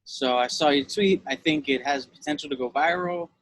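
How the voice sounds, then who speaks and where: A man's voice: a little high, normal speed, rough recording. Casual young-sounding man interviewing. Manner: loose and casual, says "yo" and "like".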